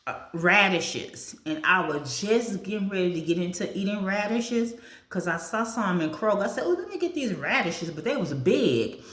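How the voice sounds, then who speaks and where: A woman's voice: medium pitch, lively intonation, normal speed, a bit bright. A woman vlogging over breakfast, chatting casually, reading through a food list and talking with her mouth full. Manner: chatty, reads a food list aloud and comments on it. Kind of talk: casual chat while eating. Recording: echoey room.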